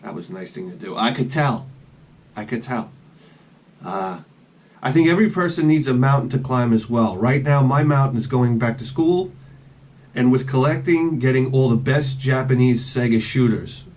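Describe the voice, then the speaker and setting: A man's voice: mid-range voice, animated, moderate pace, a little mellow. A man rambling in a casual vlog outdoors, chatting with joking asides about his collection. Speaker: collector vlogger.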